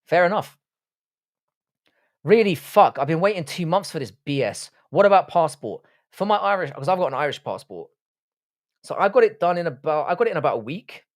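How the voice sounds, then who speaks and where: A man's voice: fairly high pitch, very animated, fairly quick. Swearing, joking male stream host. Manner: profane, joking banter with chat. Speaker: livestream host reacting to fights. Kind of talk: casual live-stream chat.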